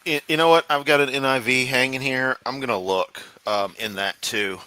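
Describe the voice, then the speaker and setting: Bright, profane American streamer. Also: male voice, medium pitch, steady tone, normal speed, clear, resonant tone, dry recording. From United States. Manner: profane, sarcastic, rambling. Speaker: streamer host. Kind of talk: casual reaction commentary. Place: room at home.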